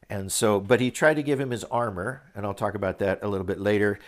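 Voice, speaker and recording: A man teaching, reading a Bible passage aloud and retelling it in a relaxed, conversational way. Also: lowish voice, fast talker.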